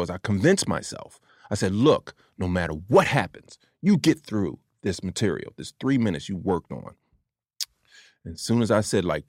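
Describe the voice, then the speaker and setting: A man, a comedian, telling stories in a casual chat, animated and often laughing. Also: low-pitched, gravelly, no echo, clean studio sound. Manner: animated storyteller, acts out quotes, laughs often. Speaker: comedian guest.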